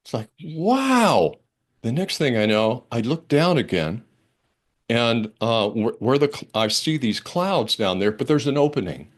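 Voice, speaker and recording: A man's voice: medium pitch, moderate pace. Older man telling a dramatic sermon story. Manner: expressive, dramatic storytelling with big swings between hushed and excited; conversational, with fillers and restarts. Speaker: minister. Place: church service.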